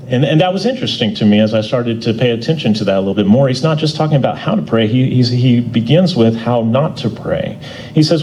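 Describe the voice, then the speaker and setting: A man teaching a church Bible class in a folksy, conversational way. He often restarts and repeats words, and he gets louder on his key points. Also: medium pitch, lively intonation, quick pace, slight background noise, rough recording.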